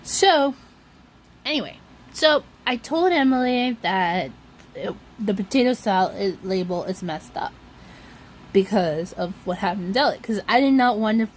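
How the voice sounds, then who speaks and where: A woman's voice: medium pitch, expressive, a little slow, a little hiss or hum. A woman vlogger telling a long story in a casual, rambling way, often circling back with "so anyway".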